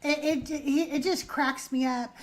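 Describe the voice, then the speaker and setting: A woman hosting a live call-in show, telling stories in an animated way and laughing often. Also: high-pitched, measured pace. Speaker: host.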